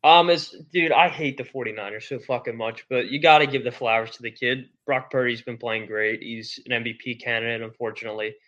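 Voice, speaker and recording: A man's voice: mid-range voice, steady tone, a little fast, hardly any pauses, fairly bright tone. A man co-hosting a casual sports podcast, talking bluntly and casually with some swearing, on a dull lo-fi recording. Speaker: podcast co-host. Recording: dull lo-fi sound.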